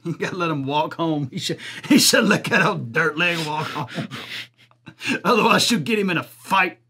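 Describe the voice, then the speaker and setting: A man's voice: a little high, expressive, measured pace, long pauses, sharp tone, slightly rough, exaggerated voice. A man playing a crude, blunt commentator with a drawl, laughing at his own jokes in an improvised comedy bit. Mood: crude ranting. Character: crude rural Southern man, blunt, loud-mouthed. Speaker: comic commentator persona.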